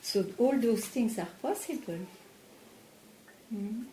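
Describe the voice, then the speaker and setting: A woman spiritual teacher in a satsang dialogue, talking slowly and probing with questions. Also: a little high, lively intonation, dark tone. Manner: slow, probing, questions the listener. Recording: echoey room with faint noise.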